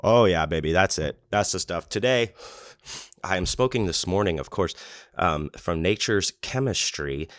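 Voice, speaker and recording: A man's voice: low-pitched, lively intonation, moderate pace, fairly bright tone, dry recording. A man hosting his own storytelling podcast, talking in a rambling, laid-back, self-deprecating way. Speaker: podcast host. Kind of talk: casual storytelling monologue. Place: home in Las Vegas.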